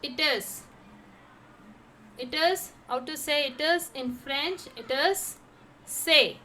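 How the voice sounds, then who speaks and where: Speaking slowly in a high, bright, forceful voice, a woman who teaches French goes through vocabulary, saying every word several times over and asking herself "how to pronounce?". A faint hiss or hum sits underneath.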